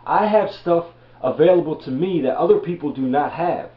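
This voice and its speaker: A man's voice: fairly high pitch, lively intonation, moderate pace. Blunt, profane man ranting in an echoey room. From Baltimore, USA. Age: 30s. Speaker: reseller vlogger. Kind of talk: blunt motivational rant. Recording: echoey room, dull lo-fi audio.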